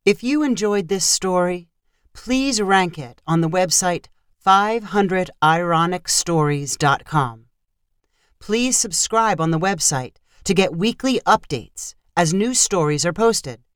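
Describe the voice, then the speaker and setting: A woman narrating a short story in a measured, expressive reading voice. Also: lowish voice, clean tone, no room sound, clean studio sound.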